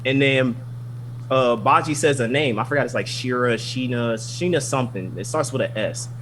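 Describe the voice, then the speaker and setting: Animated profane man recapping anime. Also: medium pitch, normal speed, slight background noise. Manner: animated, profane, rambling retelling. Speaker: podcast co-host. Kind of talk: casual anime recap chat.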